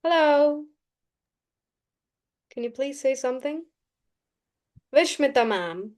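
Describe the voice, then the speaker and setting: A woman teaching a live online class, brisk and coaxing, often repeating key phrases. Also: high voice, animated, darkish tone. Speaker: English teacher.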